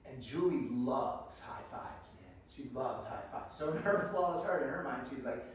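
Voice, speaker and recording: A man's voice: medium pitch, normal speed, slight background noise. A male pastor telling funny stories in a sermon and calling the congregation friends, recorded from a distance in a church hall. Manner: lively, humorous storyteller who calls the congregation friends. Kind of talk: storytelling sermon. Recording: echoey hall, distant mic.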